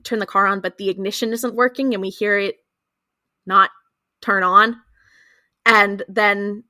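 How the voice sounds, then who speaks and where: A woman's voice: medium pitch, bright, forceful tone, dry recording, clean studio sound. A woman co-hosting a podcast, giving a chatty, giggly episode recap. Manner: chatty, giggly, lots of fillers and acted quotes. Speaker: podcast co-host.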